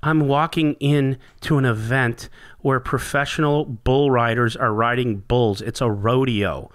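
A man's voice: mid-range voice, measured pace, clear, resonant tone. A man hosting a podcast, telling a story in casual chat with lots of swearing and laughter. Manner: animated, swearing, laughs at his own story. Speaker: podcast host.

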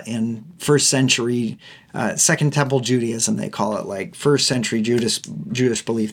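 A young man teaching through a Bible passage in a relaxed, conversational way, often laughing and checking in with his listeners. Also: a little high.

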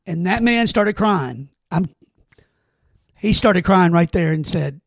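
Podcast host, male, raised pitch, gravelly, dry close sound, earnest rambling storyteller. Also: animated, slow, long pauses, no room sound. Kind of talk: casual heartfelt conversation.

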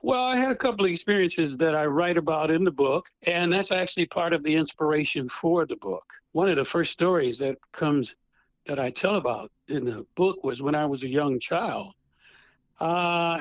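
Animated older man telling stories by phone. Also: on the high side, moderate pace, no room sound, low-quality recording. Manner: animated, acts out voices in his stories. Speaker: guest author, retired prosecutor. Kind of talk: storytelling interview. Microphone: phone handset.

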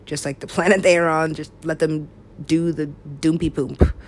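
A woman's voice: deep voice, steady tone, normal speed. A woman talking in a meandering, giggly way, swearing freely and trailing off into mumbles. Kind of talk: rambling casual talk.

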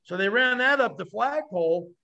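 High, bright-voiced man telling stories. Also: expressive, normal speed, vocal fry, dull audio. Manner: vivid, acts out quoted voices, swears freely. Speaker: podcast guest. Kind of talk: animated storytelling.

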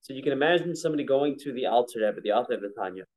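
A man leads a relaxed Torah class at a middle pitch. He talks to his students conversationally and stretches out Hebrew verses when he chants them. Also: very fast. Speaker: rabbi teaching a prayer-book class.

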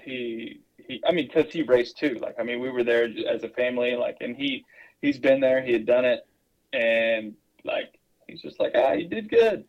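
An easygoing man chatting on a podcast in a middle-pitched voice. He rambles through his stories with lots of fillers and restarts, and he keeps the tone casual. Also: steady tone, normal speed, dull audio. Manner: rambling, filler-heavy storytelling. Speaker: podcast co-host.

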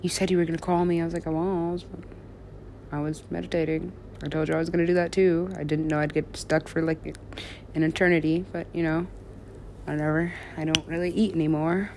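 A woman in a drifting, confessional monologue, halting and restarting, who drops into soft whispers and then rises into louder bursts. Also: flat delivery, slight background noise. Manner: drifting, halting, swings between low mumbles and sudden louder bursts.

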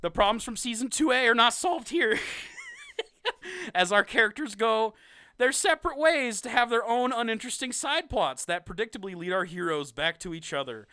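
A young man co-hosting a podcast, reviewing a ranked list of TV seasons in a sarcastic, animated way with frequent laughs. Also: extremely high pitch, moderate pace, dry recording. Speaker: podcast co-host. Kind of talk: casual ranking review chat.

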